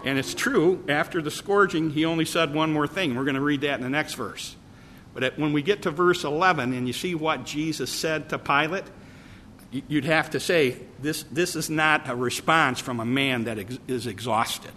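A man's voice: on the high side, moderate pace, sharp tone, long reverb tail, slight background noise. A man preaching a sermon, earnest and repetitive, reading scripture aloud and explaining it verse by verse. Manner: earnest, repeats words, reads scripture aloud.

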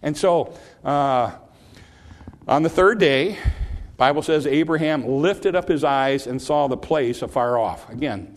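Middle-aged male preacher, earnest sermon delivery with repetition and rising emphasis. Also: medium pitch. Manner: earnest, repeats phrases, voice climbs on emphasis. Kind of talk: sermon, Bible teaching.

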